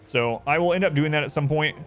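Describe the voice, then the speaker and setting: A man's voice: fairly high pitch, fast talker, faint music behind. A man streaming a game, rambling in a wry, casual way while chatting to his viewers. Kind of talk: casual live-stream commentary.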